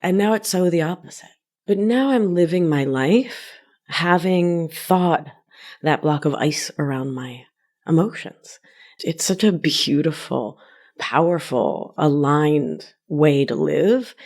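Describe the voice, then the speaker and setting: A woman's voice: sits low, a little mellow. A woman from Argentina hosting her podcast alone, upbeat and self-teasing, laughing easily as she talks. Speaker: podcast host and life coach. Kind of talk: solo podcast monologue.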